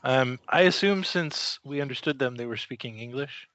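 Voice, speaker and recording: A man's voice: medium pitch, moderate pace, fairly bright tone, no room sound. A man playing in a tabletop game, asking playful questions as a player. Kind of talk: tabletop role-play. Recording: dry muffled audio.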